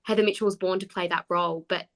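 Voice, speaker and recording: A woman in her twenties, a guest actor chatting on a podcast and telling animated stories with frequent laughs. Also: on the low side, fast. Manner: animated storyteller, laughs often. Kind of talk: casual podcast chat.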